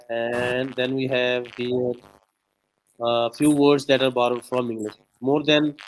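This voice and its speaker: A man's voice: mid-range voice, rough recording. Hesitant man teaching a language lesson. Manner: hesitant, many "uh" and "you know". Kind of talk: one-on-one online lesson.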